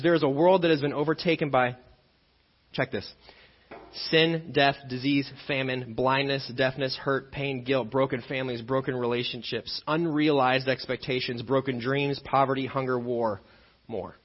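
A man's voice: mid-range voice, normal speed, in a large hall. Pastor man preaching, dull lo-fi sound. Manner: animated, joking storyteller who acts out scenes. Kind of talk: sermon with personal storytelling. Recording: dull lo-fi sermon recording.

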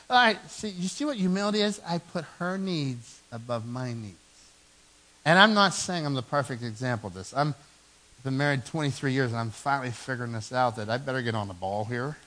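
A man in his forties preaching a sermon in a church, telling stories with animated, self-mocking humor. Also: mid-range voice, a little fast, poor audio. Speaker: pastor. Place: church sanctuary.

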